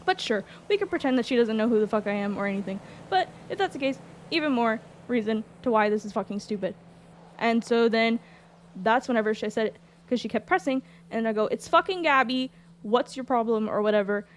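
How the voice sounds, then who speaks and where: Exasperated woman ranting about a roleplay fight, kinda high voice, bit of noise. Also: brisk. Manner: animated, exasperated storytelling, swears often. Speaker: streamer recounting a roleplay. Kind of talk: casual chat.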